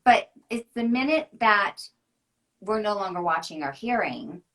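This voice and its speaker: A woman hosts a live interview over a video call. Her voice sits in an even middle range, and she sounds enthusiastic and affirming throughout. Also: mid-range voice, measured pace. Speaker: host.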